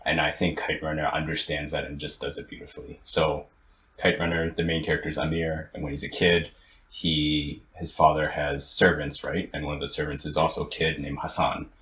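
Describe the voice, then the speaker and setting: A young man co-hosting a podcast, retelling a story in casual chat with lots of restarts and fillers. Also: very deep voice. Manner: animated, halting storyteller with many restarts. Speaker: podcast co-host. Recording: roomy, with faint ambient noise.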